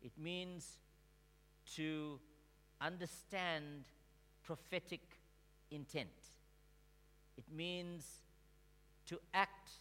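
A male pastor preaching a sermon in a church, slow and emphatic, calling on the congregation to answer back and swinging from quiet to shouting. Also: fairly high pitch, fairly even intonation. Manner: call-and-response with the congregation. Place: church sanctuary. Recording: long reverb of a large hall.

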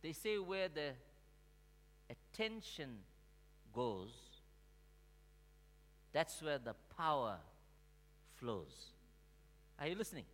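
A male pastor preaching a sermon in a church, slow and emphatic, calling on the congregation to answer back and swinging from quiet to shouting. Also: fairly high pitch, sing-song. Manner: call-and-response with the congregation. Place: church sanctuary. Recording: long reverb of a large hall.

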